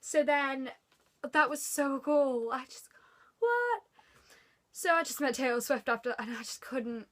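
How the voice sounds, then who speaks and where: A woman talks straight to the camera in a high, very bright voice, gushing with excitement. Her story tumbles out in casual bursts full of "like" and half-finished thoughts. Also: moderate pace. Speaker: vlogger.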